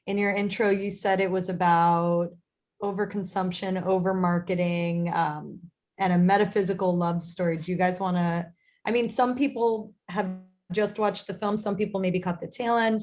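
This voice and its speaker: A woman's voice: fairly low pitch, darkish tone. A woman moderating a post-screening Q&A, friendly and chatty as she asks questions.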